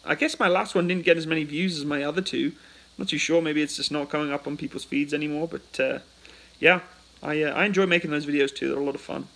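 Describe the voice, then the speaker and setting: Speaking into a phone, a UK livestream host reads out viewers' questions and chats his way through answers. The British man talks fast in a gravelly, fairly bright voice that's a little high and fairly even, on a rough recording.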